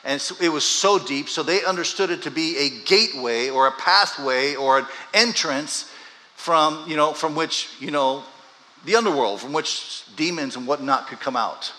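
A male pastor with a bright, slightly high voice, preaching in a casual, storytelling way that builds to loud, emphatic peaks. His voice carries a long reverb, as if he were on a stage mic in a large church auditorium. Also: normal speed. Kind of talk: conversational sermon.

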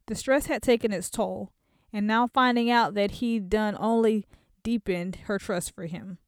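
A woman narrating a romance novel in a measured, expressive storytelling manner, close to a studio mic. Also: medium pitch, smooth, no room sound. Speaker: audiobook narrator. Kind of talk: scripted narration.

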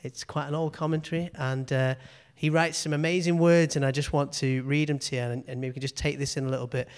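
Fast and fairly high-pitched, this preacher's voice is clear and resonant with little pitch movement. He gives an earnest, repetitive informal sermon in a church meeting room, regularly checking in with "okay."

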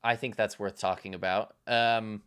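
A man's voice: lowish voice, fairly even intonation, normal speed, fairly bright tone, clean tone. A man in casual film-review chat, talking in rambling stops and restarts and swearing now and then. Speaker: podcast co-host.

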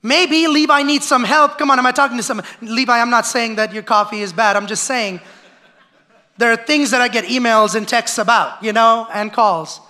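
High-voiced, bright male pastor preaching. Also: a little fast. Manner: energetic, calls out to the congregation for response; acts out the voices of complainers. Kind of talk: sermon. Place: church sanctuary.

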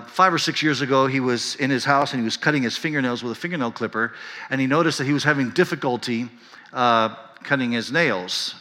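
A man's voice: mid-range voice, sharp tone, long reverb tail. A pastor in his fifties preaching a sermon, telling a story earnestly and building to impassioned emphasis. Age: 50s.

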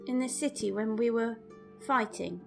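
A woman playing her character in a tabletop role-play, talking in an earnest, questioning, animated way. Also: fairly high pitch, normal speed, gravelly, music in the background. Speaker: player.

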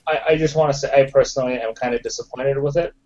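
A man's voice: medium pitch, fairly even intonation, quick pace, a little mellow. Hesitant man on a dull lo-fi line. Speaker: podcast co-host. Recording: dull lo-fi audio.

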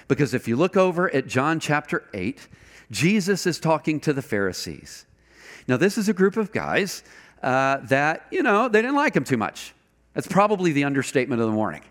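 A man preaching a sermon, animated and conversational, asking the congregation rhetorical questions. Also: medium pitch. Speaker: pastor.

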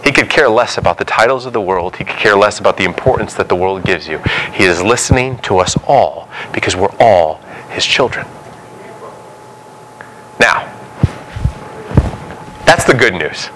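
A man preaching a sermon, telling biblical stories with animated storytelling and acting out the dialogue. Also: fairly low pitch, moderate pace, pauses often, slight background noise, rough recording.

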